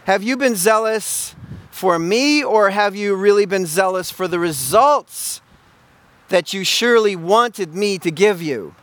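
A man's voice: sits high, animated, measured pace, fairly bright tone, dry recording. A preacher voicing God as a stern male deity who presses with repeated questions. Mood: probing.

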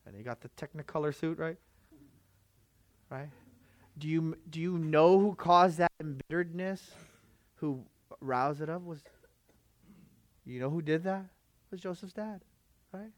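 A man's voice: fairly high pitch, a little slow, pauses often, dry recording. Emphatic male pastor preaching. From Filipino background. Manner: emphatic, rhetorical questions to the congregation. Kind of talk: sermon.

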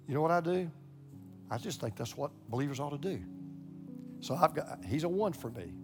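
Older pastor preaching over soft guitar. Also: male voice, on the high side, fairly quick. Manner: animated, repeats words when excited, acts out quoted voices. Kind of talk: sermon storytelling.

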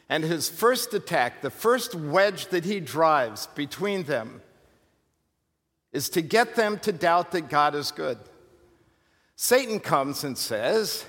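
Animated male pastor in a reverberant church. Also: fairly high pitch. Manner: animated and emphatic, with rhetorical questions and humorous asides. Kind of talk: sermon. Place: church sanctuary. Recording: long hall reverb from a church.

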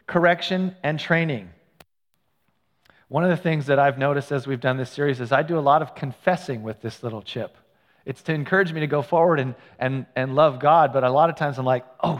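A man preaching as a pastor in a relaxed, conversational way, telling personal stories with asides and self-corrections. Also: on the high side, in a large hall. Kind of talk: sermon. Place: church sanctuary.

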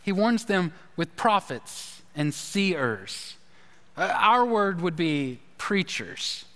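Man, pastor, sermon, high voice, conversational storytelling, long hall reverb. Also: big pitch swings, slow, bright, forceful tone.

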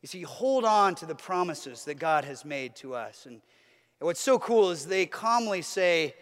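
A man's voice: on the high side, expressive, unhurried, a bit bright, in a large hall. A man preaching a sermon as a pastor, earnest, with a repetitive, building cadence.

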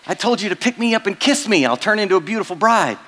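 Pushy little talking frog, high and insistent, put on by a male preacher, echoing in a church hall. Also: expressive, quick pace, pushed and bright, full character voice. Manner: insistent, pleading.

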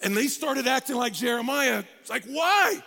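A middle-aged pastor preaches with lively, conversational energy, often slipping into the voices of people praying. His voice sits high and bright, with heavy gravel and fry. The sound carries the long reverb of a large hall. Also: brisk. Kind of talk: sermon.

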